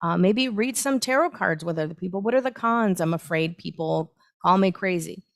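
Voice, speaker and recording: A woman's voice: lowish voice, moderate pace, vocal fry, no echo, clean studio sound. A woman talking as a spiritual coach on a live stream, chatty and encouraging, often restarting her sentences with ums. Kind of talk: livestreamed talk.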